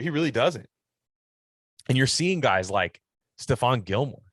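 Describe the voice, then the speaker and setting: Young guy rambling about football on his podcast, lowish voice, dry sound, blunt and swears a lot. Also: fairly bright tone, dry recording. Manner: rambling, opinionated, swears casually, reads listener questions. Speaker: sports podcast host. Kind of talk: casual solo sports podcast chat.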